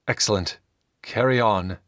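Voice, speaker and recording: A man playing a booming zealot paladin. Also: measured pace, a bit bright, dry recording, clean studio sound. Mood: zealous. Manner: proclaiming, zealous, commanding. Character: fanatical zealot paladin, booming and self-righteous.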